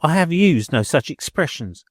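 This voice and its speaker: A man voicing a haughty, sarcastic lower-class landlady who speaks with lofty, ungrammatical scorn. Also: big pitch swings, moderate pace, dry recording, clean studio sound.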